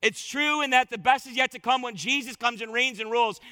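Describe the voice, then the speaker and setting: A pastor delivers a sermon in a strikingly high, bright man's voice. He hammers his points with repetition and jumps between loud emphatic bursts and quiet asides. The sound is dry and close, with no room around it. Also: fairly quick, no room sound. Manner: emphatic, repeats words and phrases for stress.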